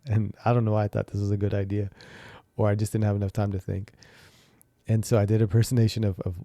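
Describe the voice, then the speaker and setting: A man's voice: lowish voice, level tone, quick pace, warm tone, dry recording. A young man hosting a podcast, candidly telling a personal story in a rambling way, with many fillers and restarts. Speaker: podcast host.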